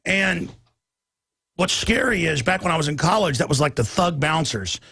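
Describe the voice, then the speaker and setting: Gravelly, husky man ranting emphatically. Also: a little high, expressive, normal speed, sharp tone, no room sound, clean studio sound. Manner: emphatic, ranting, stammers and restarts. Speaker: talk show host. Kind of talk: heated talk-radio conversation.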